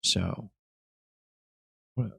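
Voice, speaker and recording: A man's voice: extremely slow, no echo. A young man from Alabama with a slight Southern twang, hosting a casual chat and telling stories animatedly, slipping into voices. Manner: animated storyteller who acts out voices. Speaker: podcast host.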